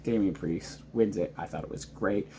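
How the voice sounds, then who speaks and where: A married man casually recapping wrestling, excited and rambling with many ums and restarts. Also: low-pitched, moderate pace, creaky, a little hiss or hum. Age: adult, married father. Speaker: wrestling reaction vlogger. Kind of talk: casual reaction vlog.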